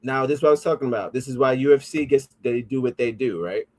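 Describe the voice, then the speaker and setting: A man's voice: mid-range voice, quick pace, darkish tone. Male podcast host, mid-range voice, casual comedic riffing, swears freely, reads comments aloud.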